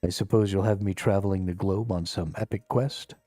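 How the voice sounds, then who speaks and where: Man as a cocky adventurer, wry, self-assured, low, mellow. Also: steady tone, a little fast, dry recording, clean studio sound, faint music behind. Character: cocky adult male adventurer hero.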